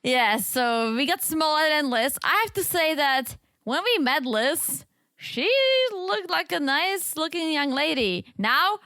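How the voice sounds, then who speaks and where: A woman's voice: high-pitched, expressive, slow, bright, forceful tone, dry recording, studio quality. A woman co-hosting a podcast in casual chat, giggly and chatty, laughing often. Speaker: podcast co-host. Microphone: podcast microphone.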